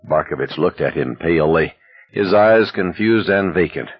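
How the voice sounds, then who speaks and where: Deep-voiced male audiobook narrator. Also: normal speed, muffled recording. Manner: expressive, dramatic reading.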